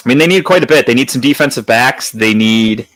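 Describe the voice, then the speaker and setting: A man co-hosting a casual sports podcast, talking football picks in an animated, joking way and swearing freely. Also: mid-range voice, a little fast, dry recording. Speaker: podcast co-host.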